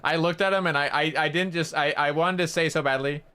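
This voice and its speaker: A man streaming a game, telling a story in lively casual chat with laughter and swearing. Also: on the high side, fairly quick, smooth. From Canada.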